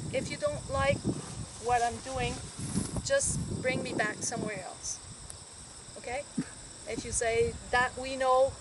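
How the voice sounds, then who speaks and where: French-speaking quebec lady, pretty high voice, chatting with farmers outside at a soil pit, loud wind and trucks behind. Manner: chatty, asks the crowd questions, invites interaction. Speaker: soil specialist presenter. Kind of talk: outdoor field demonstration to farmers. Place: outdoors by a soil pit on a farm. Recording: loud outdoor noise, passing vehicles.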